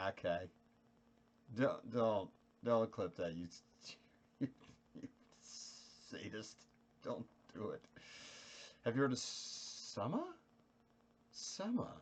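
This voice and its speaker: A man chatting casually with viewers on a live stream, animated, joking and mocking himself. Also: low voice.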